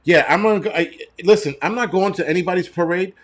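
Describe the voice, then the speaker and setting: A man's voice: sits high, fast, a bit bright. Blunt, foul-mouthed middle-aged man. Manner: blunt, profane, rambling. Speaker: channel host. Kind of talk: casual livestream chat answering viewers.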